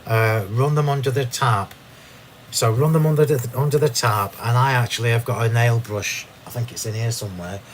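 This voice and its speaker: A man hosting a live crafting demonstration from his craft room, chatty and quick to laugh at himself as he explains. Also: medium pitch, steady tone, a little hiss or hum. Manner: chatty, self-laughing, restarts sentences. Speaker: craft demo host.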